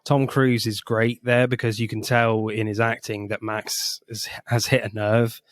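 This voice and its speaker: Low-voiced man chatting about films. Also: level tone, measured pace, no echo. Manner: enthusiastic, laughs often, retells scenes at length. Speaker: podcast co-host. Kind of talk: casual film discussion.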